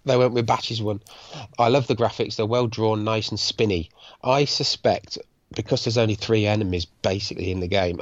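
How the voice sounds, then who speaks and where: Low-voiced English man, dry lo-fi sound. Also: dry recording. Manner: chatty, jokey, reads out tips and notes. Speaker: podcast co-host. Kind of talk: casual chat about arcade games.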